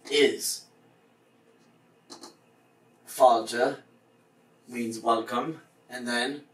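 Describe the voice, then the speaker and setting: Male teacher, mid pitch, patient, spells things out; roomy sound from a mic at a distance, faint ambience. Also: a bit bright. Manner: patient, spells words out letter by letter. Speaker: Irish language teacher. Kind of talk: explaining at a board.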